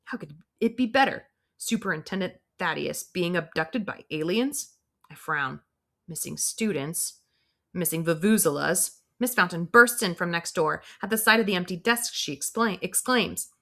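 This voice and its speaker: A woman's voice: on the low side, animated, normal speed, creaky, pushed and bright. A woman reading a first-person audiobook in a wry, dry storytelling manner. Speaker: audiobook reader.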